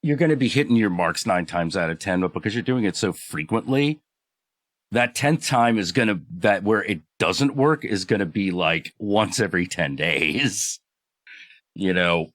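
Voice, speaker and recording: Male streamer guest, rambling, fillers, low pitch, lively, dry. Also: a little slow, no echo. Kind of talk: casual chat.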